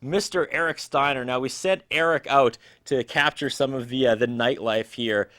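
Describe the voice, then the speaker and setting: A man's voice: mid-range voice, normal speed, fairly bright tone. A man co-hosting a New Year's Eve TV show, bantering in a comedic, playfully exasperated way. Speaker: TV show co-host.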